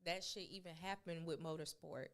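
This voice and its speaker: A woman talking as a guest in a casual interview. She tells stories in an animated, slangy way, with lots of filler words and acted-out quotes. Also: lowish voice, normal speed. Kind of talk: casual chat.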